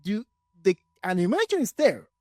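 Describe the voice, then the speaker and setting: Host, man, halting and restarting, lively pitch swings, dry close sound. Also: no echo. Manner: halting, restarts, searches for words. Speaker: podcast host. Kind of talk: interview questions.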